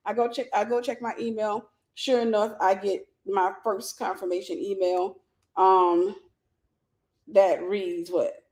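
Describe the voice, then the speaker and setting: A woman hosting a storytelling vlog, retelling a phone call in an animated way and acting out both sides of the conversation. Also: medium pitch, unhurried, echoey room. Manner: animated retelling, acts out dialogue. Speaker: vlog host.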